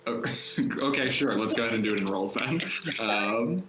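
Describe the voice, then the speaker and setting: A man's voice: medium pitch, moderate pace, music in the background. A man running a tabletop game as game master, easygoing and accommodating with his players. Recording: roomy echo.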